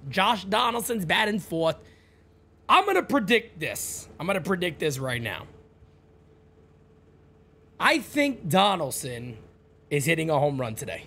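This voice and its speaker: A middle-aged man hosting a live stream, chatting casually and calling out viewers' names with loud, high-pitched greetings. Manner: animated, jumps high and loud when greeting viewers by name.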